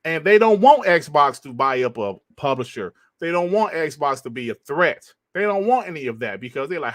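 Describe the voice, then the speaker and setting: Relaxed male host, swears freely, dry sound. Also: fairly high pitch, moderate pace, hardly any pauses, dry recording. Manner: loose and profane, calls others bro. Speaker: podcast host. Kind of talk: casual chat.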